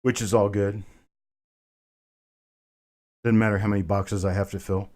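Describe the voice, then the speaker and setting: A man's voice: lowish voice, flat delivery, measured pace, a little mellow. A middle-aged man hosting a live coin auction stream, casually chatting with viewers and answering their comments by name. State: a bit winded.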